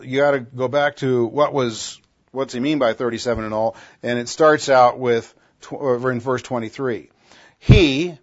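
A man teaching a Bible passage in a conversational sermon, often restarting and correcting himself. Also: medium pitch. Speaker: pastor. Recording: dull lo-fi sound.

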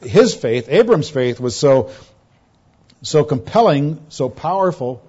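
A man preaches an earnest expository sermon in a slightly high voice. He leans on repeated words and phrases to drive each point home. The recording sounds dull and lo-fi. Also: animated, slow, a little mellow, breathy edge.

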